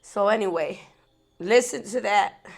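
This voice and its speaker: A woman with a mid-range voice talks a little slowly, hosting a spiritual vlog aimed straight at the camera. Tearful and angry, she laughs between thoughts and keeps repeating herself.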